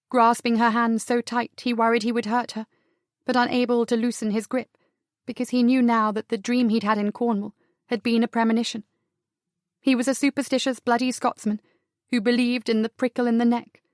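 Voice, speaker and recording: A woman's voice: a little high, no echo, studio quality. Woman reading a romance audiobook. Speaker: audiobook narrator. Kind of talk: scripted narration.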